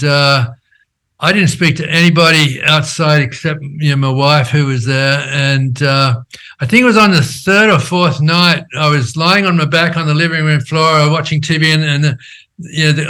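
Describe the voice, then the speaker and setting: An older man and company founder, telling his story in an animated, conversational way, checking in with "right?" as he goes. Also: on the high side. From Australia. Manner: animated storyteller who acts out quoted dialogue, frequent "right?" tags.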